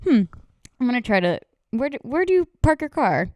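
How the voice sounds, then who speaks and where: A woman's voice: on the high side, big pitch swings, a little fast, darkish tone, no room sound. A woman co-hosting a podcast in casual chat, laughing often and quoting people in playful voices. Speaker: podcast co-host.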